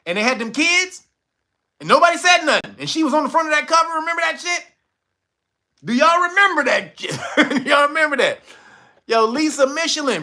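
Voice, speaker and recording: A man hosting a casual livestream, reading viewer comments and reacting loudly with profanity and frequent laughter. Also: very high-pitched. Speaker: livestream host reading chat.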